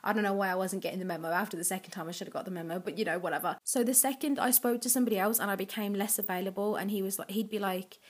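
A woman's voice: medium pitch, steady tone, rapid-fire, hardly any pauses, husky. Young woman, casual vlogger, frank and chatty, acts out the quotes she tells. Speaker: advice vlogger. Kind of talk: casual advice chat.

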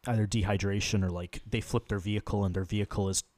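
Young male co-host, low and dry, loose rambling talker with a joking edge. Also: fairly even intonation, quick pace, darkish tone, no room sound. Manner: rambling, swears freely, jokey. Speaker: podcast co-host. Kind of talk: casual chat.

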